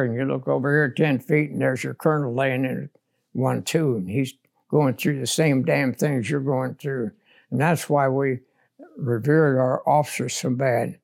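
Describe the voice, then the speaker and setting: A man's voice: medium pitch, vocal fry, a little mellow. An older man, a war veteran, recounting his combat memories in a blunt, plainspoken way during an oral history interview.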